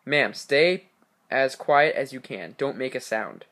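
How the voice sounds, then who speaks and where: A man reading the part of a police officer on duty, giving firm, steady instructions to a caller. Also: mid-range voice, slow, full character voice. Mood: urgent.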